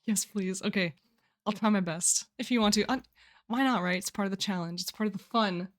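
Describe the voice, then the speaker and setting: A woman's voice: mid-range voice, a little fast. Gushing, rambling young woman streamer. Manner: gushing, rambling, many filler "like"s and restarts. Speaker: livestream host. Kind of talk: casual chat reading viewer submissions on a livestream.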